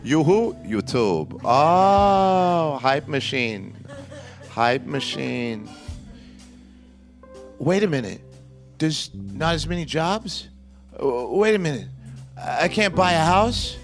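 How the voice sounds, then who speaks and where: A comedian performing a playful spoken-word comedy poem live on stage, with rhythmic chanted repetitions. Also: male voice, on the high side, sing-song, slow pace, soft background music.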